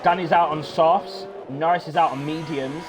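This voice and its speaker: A man's voice: normal speed, noisy background. Upbeat male sim racing commentator. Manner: excitable, gets loud and high at restarts. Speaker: race commentator.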